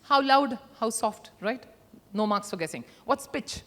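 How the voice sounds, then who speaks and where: A middle-aged woman, giving an interactive workshop talk at a conference, emphatic and expressive, using her voice to demonstrate. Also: fairly high pitch, unhurried. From India. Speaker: conference speaker. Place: large conference hall. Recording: long hall reverb.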